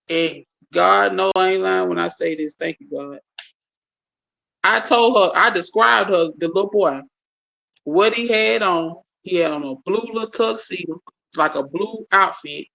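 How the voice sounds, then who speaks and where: A speaker telling a personal story to a small group in casual talk, animated, repeating and restarting words and acting out the dialogue. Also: medium pitch, moderate pace, gravelly, poor audio.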